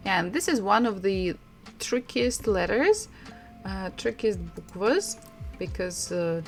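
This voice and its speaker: Slow Russian-accented woman teaching. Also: medium pitch, lively intonation, vocal fry, faint music behind. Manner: slow, repeats words, laughs often. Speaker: language teacher. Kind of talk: online language lesson. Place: home room.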